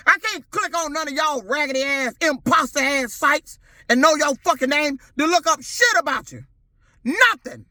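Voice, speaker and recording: A woman's voice: high voice, lively intonation, moderate pace, pushed and bright, no room sound. A middle-aged woman, ranting angrily and profanely to her camera as a vlogger. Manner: furious, profane, confrontational. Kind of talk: angry rant to camera.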